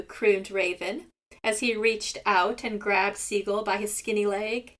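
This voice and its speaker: A woman reading a folk tale aloud to children in an expressive, measured way. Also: mid-range voice. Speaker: storyteller. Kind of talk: storybook read-aloud.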